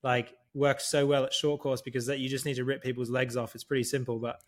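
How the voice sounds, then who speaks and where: A young man, co-host of a casual podcast chat, telling animated stories with frequent laughter and swearing. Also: medium pitch, fast talker.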